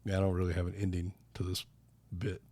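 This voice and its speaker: A man's voice: sits low, completely flat delivery, fast talker, mellow, husky. Rambling, foul-mouthed podcast storyteller man. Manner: rambling storyteller, swears freely. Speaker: podcast co-host. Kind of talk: casual chat.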